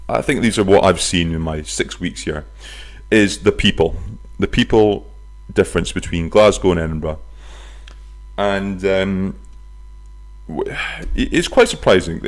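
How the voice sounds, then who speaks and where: Man, podcast host, very low voice, casual chat, jokey storyteller. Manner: storytelling with silly voices and swearing. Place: flat near a bus stop.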